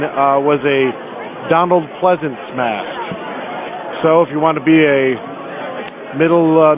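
A man hosting a podcast, giving deadpan field reports from a busy convention hall, halting with fillers. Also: a little high. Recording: tinny phone-like recording, crowd behind. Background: crowd chatter.

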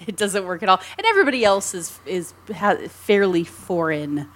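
A woman talking about an old film in a loose, chatty way. Her voice sits at an ordinary middle pitch, and she giggles often and wanders through restarts as she builds her points. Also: expressive, normal speed, fairly bright tone. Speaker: podcast co-host. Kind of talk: casual film discussion.

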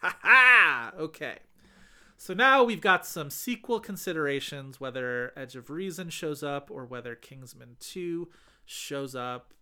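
A man co-hosting a casual film podcast, animated and enthusiastic. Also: fairly high pitch, measured pace, smooth. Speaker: podcast co-host.

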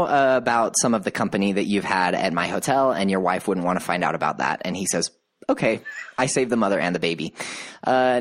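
A man co-hosting a podcast, casually retelling a TV drama plot with lively quoted voices. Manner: animated storyteller, voices quotes with rising pitch. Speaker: podcast co-host. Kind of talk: casual chat, recapping a TV drama.

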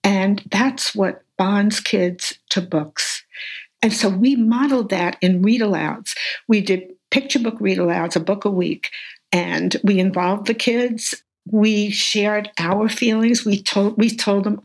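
A woman's voice: mid-range voice, takes it slowly. An older woman, a veteran reading teacher, talking enthusiastically in an interview and telling classroom stories with animation. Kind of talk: conversational interview.

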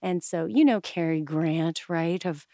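Animated, chatty woman in a dry room. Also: lowish voice, unhurried, no room sound. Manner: animated and chatty, with many restarts; acts out quoted voices. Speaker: guest, improv coach and stylist. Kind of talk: casual interview chat.

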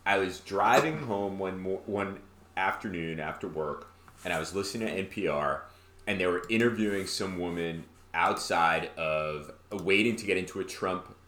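A man co-hosting a podcast in casual political chat, animated and quick to mock others in high put-on quotes. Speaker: podcast co-host. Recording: roomy echo.

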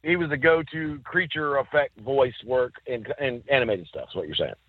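A man co-hosting a casual chat, telling stories with lively acted-out quotes. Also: mid-range voice, normal speed, no room sound. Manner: animated storyteller, acts out quotes. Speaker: podcast co-host. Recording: dry, tinny phone-like sound.

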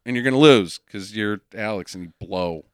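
A man's voice: on the low side, moderate pace, clean tone, dry recording, clean studio sound. A man casually recapping a movie with a friend, swearing often and acting out the characters. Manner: animated, swearing, acts out characters. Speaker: podcast co-host.

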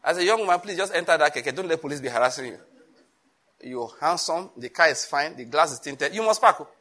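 A man with a Nigerian accent preaching a sermon, animated, acting out voices and laughing often. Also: fairly high pitch, fairly quick. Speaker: pastor.

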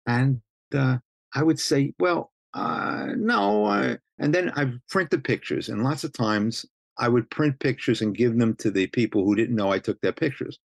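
With a creaky, medium-pitched voice at a normal pace, this man, a 70-something street photographer from Brooklyn, New York, rambles through casual stories in an interview. There's no echo, and he keeps restarting and saying "you know."

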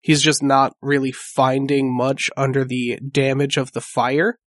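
A man's voice: mid-range voice, flat delivery, a little slow. A man running a tabletop game, describing scenes in an easygoing, descriptive way. His voice sits in a middle range for a man. The recording is dry, with no room echo. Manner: casual, descriptive storytelling. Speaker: game master.

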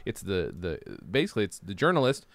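A man hosting a podcast in casual chat, animated and swearing freely, his pitch jumping up and down and laughs breaking in. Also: fast, creaky, no room sound. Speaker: podcast host.

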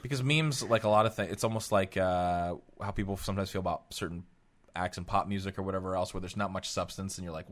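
A man's voice: low voice, fairly even intonation, fast talker. A man hosting a podcast in casual chat, rambling with many fillers and acting out stern quotes. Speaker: podcast host.

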